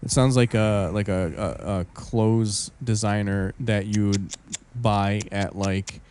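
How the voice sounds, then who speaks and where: A man co-hosting a podcast in casual chat, joking in a wry, deadpan way. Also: fairly low pitch, slow, slight background noise. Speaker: podcast co-host.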